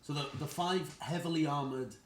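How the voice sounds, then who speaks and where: A man's voice: on the high side, moderate pace, a little hiss or hum. A man playing a tabletop game, questioning the others and planning aloud. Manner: quizzical, lively questioning. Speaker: player. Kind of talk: tabletop role-play chat. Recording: roomy.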